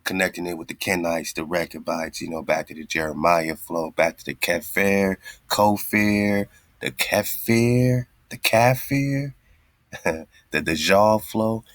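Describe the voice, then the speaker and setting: A man's voice: low-pitched, fairly bright tone, no room sound. A man hosting a casual talk show, speaking loosely in street slang and taunting a played clip between laughs. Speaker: podcast host. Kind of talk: casual mocking commentary.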